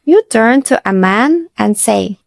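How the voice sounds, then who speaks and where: A woman, a teacher narrating a slow scripted lesson and repeating phrases for learners. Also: on the high side, expressive, gravelly, no echo. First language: Russian. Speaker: Russian teacher.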